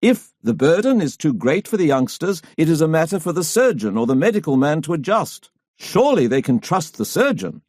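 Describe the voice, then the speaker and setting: A man voicing an older Scottish politician who speaks in a tight, measured way. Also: on the high side, sing-song, darkish tone, no room sound, studio quality, pitched above the performer's own voice. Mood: firm. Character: older male politician, firm and reasonable.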